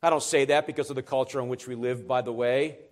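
A man's voice: medium pitch, fairly even intonation, quick pace. A middle-aged man, a pastor, preaching an expository sermon to his congregation, with earnest explanations that rise to emphatic urgency.

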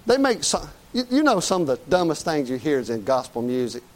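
A man's voice: a little high, sing-song, fairly quick, rough recording. A man preaching a sermon to a congregation in a church, emphatic and folksy, firing off rhetorical questions and calling for amen.

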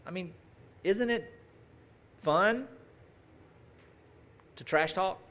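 A man's voice: sits high, extremely slow, long pauses, a bit bright. A man preaching a conversational sermon, talking straight to his listeners with asides and rhetorical questions.

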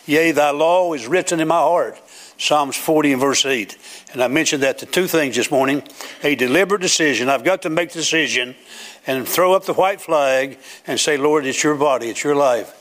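An older man preaches a sermon in a church sanctuary with a platform, his medium-pitched voice moving fairly quickly. He builds into emphatic, declaiming runs, rising to a loud preaching cadence.

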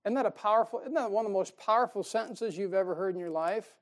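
Here a high-pitched man preaches at a quick pace. He's folksy and emphatic, chuckling at his own wit and veering between loud emphasis and quiet side remarks.

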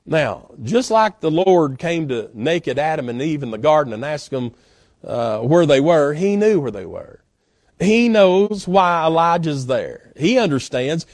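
A man's voice: on the high side, no room sound, studio quality. A male guest pastor preaching a sermon in a folksy, emphatic way, with frequent "uh" fillers. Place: church.

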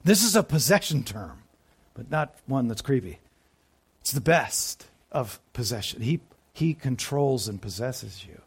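A man preaching a sermon, often putting questions to the congregation and dropping to quieter asides. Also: mid-range voice, sing-song, unhurried, slightly rough. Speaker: pastor.

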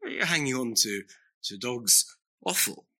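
A man's voice: mid-range voice, very animated, measured pace, sharp tone. A man preaching a sermon, emphatic and earnest, repeating phrases for stress with wry asides.

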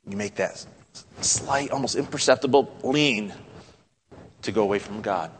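Dramatic preacher in a reverberant hall. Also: male voice, normal speed, slight background noise. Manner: dramatic, acts out God's lines with rising pitch and volume; drops to a hushed, soft tone at solemn points. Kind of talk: sermon.

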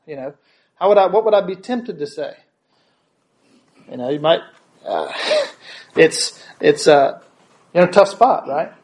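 A man gives a sermon, telling a story in his own voice. He talks in a slightly high register, often restarting his phrases and checking in with the listeners through short tag questions. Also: darkish tone. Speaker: preacher.

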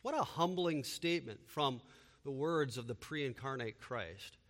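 A man's voice: mid-range voice, lively intonation, a little slow, fairly bright tone, in a large hall. A man preaching a sermon with emphatic delivery and repeated rhetorical questions. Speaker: pastor.

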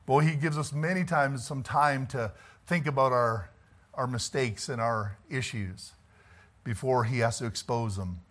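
A middle-aged man, the church's pastor, gives a folksy sermon in a medium-pitched, fairly bright voice at a slightly slow pace. He talks casually, tossing in asides and chuckles, and then hammers his points emphatically.

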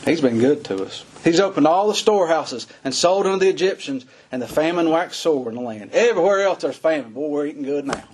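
A man's voice: a little high, expressive, brisk, few pauses, a little mellow, a little hiss or hum. A middle-aged man preaching a sermon in a folksy, dramatic way that rises into urgent cries.

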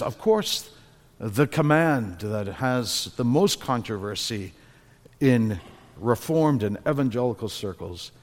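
A man's voice: mid-range voice, a little mellow, in a large hall. A man preaching a sermon as pastor, earnest and exhorting, with firm emphasis.

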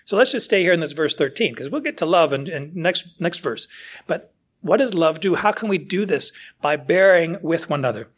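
A man's voice: fairly high pitch, lively intonation, fairly quick, slightly rough. A man preaching a conversational verse-by-verse sermon, full of rhetorical questions and acted-out asides. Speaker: pastor. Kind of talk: expository sermon.

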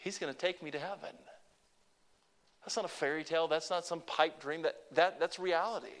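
An older man preaching a sermon, emphatic, swinging between hushed and loud passages and calling on listeners to repeat phrases after him. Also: fairly high pitch, brisk. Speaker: pastor.

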